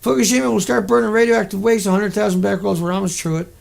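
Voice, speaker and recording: A man ranting into his camera, indignant and sarcastic, swearing freely. His voice is high for a man and thick with a gravelly fry. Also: fairly even intonation, fast talker, darkish tone. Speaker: vlogger. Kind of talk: angry monologue rant.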